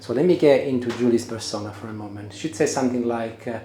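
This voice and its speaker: A man's voice: mid-range voice, fast, mellow. Middle-aged man, chatty, rambling, many fillers, DIY at home, echoey room. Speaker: homeowner doing DIY. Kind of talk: casual vlog narration. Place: inside a house, bathroom and loft.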